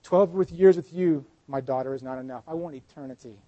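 A man preaching a sermon in an earnest way, dropping his voice softly when he speaks Jesus' words. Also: on the high side, fairly quick, no room sound, lo-fi sound. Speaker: pastor.

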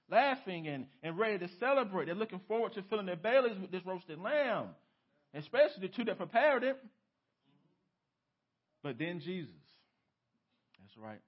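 A man preaching a sermon as pastor, dropping to hushed lows and rising to emphatic peaks, with many rhetorical questions to the congregation. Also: breathy edge, highs cut off. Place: church sanctuary.

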